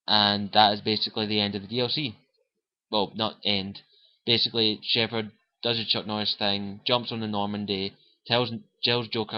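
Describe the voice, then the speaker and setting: A man's voice: lowish voice, fairly quick, lo-fi sound. Rambling, foul-mouthed man reviewing a game. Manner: profane, rambling retelling with acted quotes. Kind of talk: casual spoken game review.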